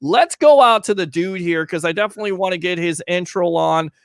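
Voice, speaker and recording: A man's voice: high voice, brisk, gravelly, fairly bright tone, no echo. A man hosting a casual call-in sports talk show, chatting and reading out viewer comments.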